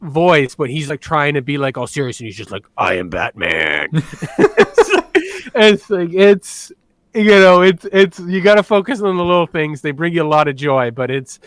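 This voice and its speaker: A man with a fairly high, smooth, crisp voice chats on a podcast. He tells stories in an animated way and laughs often, and the sound is dry and close. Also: normal speed, no echo. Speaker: podcast co-host. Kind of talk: casual podcast chat.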